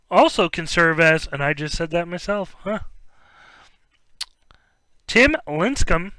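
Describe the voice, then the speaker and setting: A man's voice: a little high, a little slow, long pauses, dry recording. A young man hosting a card break, chatting casually as he opens packs and reads off player names, stumbling over words now and then. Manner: rambling, stumbles over names, bursts of excitement. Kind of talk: casual live-stream chat while opening cards.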